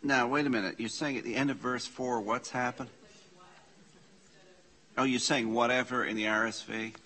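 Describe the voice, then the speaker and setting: A man leading an informal church class, slowly reading out Greek scripture and explaining the grammar with casual asides. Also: mid-range voice, steady tone, pushed and bright. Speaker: Bible study teacher. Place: church meeting room.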